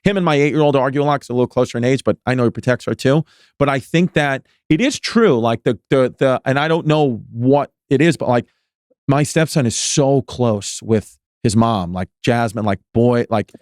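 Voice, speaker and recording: A man's voice: medium pitch, moderate pace, darkish tone, no echo, studio quality. Rambling man telling a story on a podcast. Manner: rambling storyteller with many restarts and "like"s. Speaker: podcast guest, comedian. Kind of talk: casual podcast chat.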